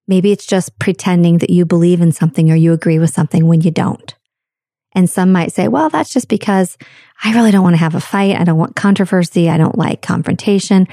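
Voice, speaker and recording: A woman speaks candidly in a reflective monologue, with a fairly low and mellow voice. Her delivery is dry and close, with no room sound. She stretches key words for emphasis as she tells stories. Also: no echo. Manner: candid, storytelling, drawn-out emphasis.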